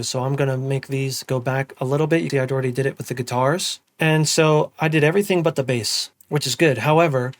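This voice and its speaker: A young man giving a casual music production tutorial, humming drum patterns out loud as he works. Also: mid-range voice. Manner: relaxed, hums and sings drum parts aloud. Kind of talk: casual screen-recorded tutorial.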